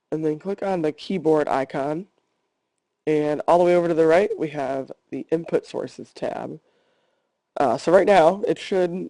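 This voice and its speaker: A man who teaches Spanish, calmly talking his class through a screencast tutorial step by step. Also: fairly high pitch, vocal fry, no echo. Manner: calm step-by-step instruction.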